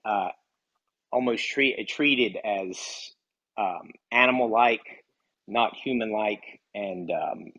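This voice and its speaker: A man's voice: lowish voice, pushed and bright, husky, dry recording, poor audio. A man calling into a debate show, defending his view hesitantly with many fillers and restarts. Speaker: caller debating the hosts. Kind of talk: heated call-in debate.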